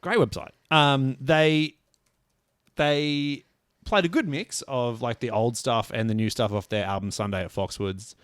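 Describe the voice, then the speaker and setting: A man's voice: mid-range voice, unhurried, fairly bright tone, clean tone, no room sound, clean studio sound. A man co-hosting a casual music podcast, joking and rambling with self-deprecating asides. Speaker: podcast co-host. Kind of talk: casual chat.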